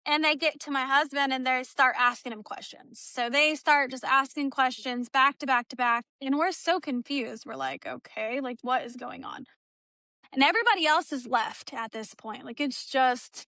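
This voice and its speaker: A woman's voice: sits high, dry recording. A woman as an interview guest, telling a personal story in an emotional, chatty way and acting out what others said. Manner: animated, acts out quoted dialogue; chatty, with frequent "like" fillers.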